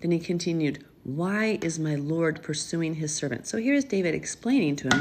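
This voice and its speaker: A woman's voice: deep voice, animated, moderate pace, hardly any pauses, background noise. A woman reading a Bible passage aloud and stopping often to explain it in an earnest, chatty way. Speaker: Bible teacher.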